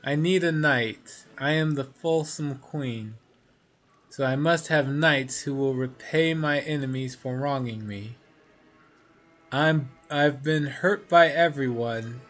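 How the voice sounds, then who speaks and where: A man's voice: fairly high pitch, slow, fairly bright tone. A man voicing a whiny, petulant female demon queen from a video game, read in a mostly plain voice.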